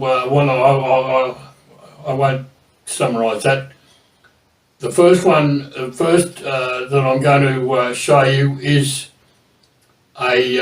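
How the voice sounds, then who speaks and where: A man presenting at a public meeting, speaking haltingly with many hesitations and restarts. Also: mid-range voice. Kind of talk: public talk. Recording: distant mic in echoey hall.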